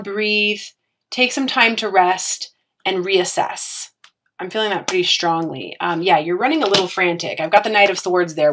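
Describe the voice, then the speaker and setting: A woman's voice: lowish voice, fairly bright tone, slight background noise. A woman giving a casual, encouraging tarot reading, earnest and full of fillers and restarts. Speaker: tarot reader.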